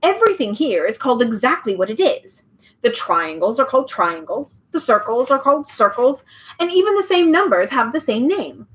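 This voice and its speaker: A woman's voice: a little high, big pitch swings, moderate pace, a bit bright. A woman voicing a fussy, precise geometric man with many faces, reciting pompously in a storybook reading.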